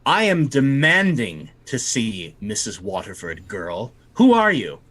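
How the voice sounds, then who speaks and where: A man's voice: medium pitch, huge pitch swings, measured pace, fairly bright tone, husky, full character voice. A man voicing a stern, imperious male elven lord who barks orders with contempt. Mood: contemptuous.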